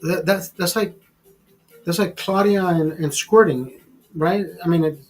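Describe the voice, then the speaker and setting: A man's voice: sits high, a little slow, slight background noise, poor audio. A man hosting a livestream chat, telling crude, rambling stories full of swearing and calling viewers brother. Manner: addresses viewers as brother and bro. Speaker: livestream host. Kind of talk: casual chat.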